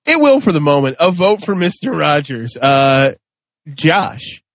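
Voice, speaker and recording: Higher-voiced male host, dry sound. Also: big pitch swings, a little slow, a bit bright, dry recording. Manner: crude, joking storytelling. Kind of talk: casual podcast banter.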